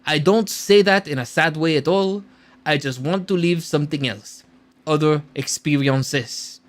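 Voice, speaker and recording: A man's voice: fairly high pitch, unhurried, lightly acted. A man putting on a weary French filmmaker. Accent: put-on French. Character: weary, disillusioned French-speaking male filmmaker.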